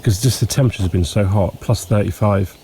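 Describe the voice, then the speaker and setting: Mellow-voiced man with hay fever. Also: on the low side. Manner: relaxed, unhurried, frequent ums and pauses. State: sniffly with hay fever, clearing throat. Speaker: homestead vlogger. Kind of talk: casual walking tour narration. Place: outdoors in a countryside yard at dawn. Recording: faint outdoor noise with birds. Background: birdsong and insects.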